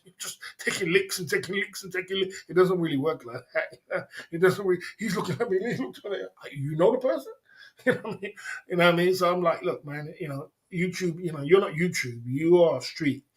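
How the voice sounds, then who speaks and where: A man's voice: high voice, fairly bright tone. A man hosting a casual livestream, rambling and repeating himself in streetwise slang while answering viewers. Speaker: livestream host. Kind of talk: casual livestream chat reading viewer comments.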